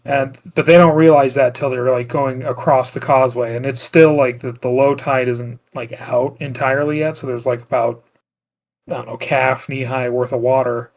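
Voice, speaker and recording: Here a man co-hosting a podcast walks through a movie's plot in loose, casual conversation, stuffing it with "like" and other fillers and frequently restarting. His mid-range voice stays steady, moving at a moderate pace.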